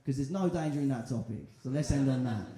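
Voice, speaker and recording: A man's voice: medium pitch, lively intonation, quick pace, crowd noise. A young man performing a stand-up set, chatty and crude, with loose fillers and an offhand delivery. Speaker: stand-up comedian. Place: comedy club in front of a live audience. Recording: echoey club room with audience laughter.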